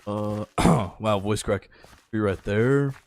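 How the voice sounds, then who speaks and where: A tired young man giving relaxed, rambling live-stream commentary while he plays, chatting with his viewers. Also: fairly low pitch, measured pace. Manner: laid-back, rambling, chats with viewers. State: a little tired. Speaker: gaming streamer.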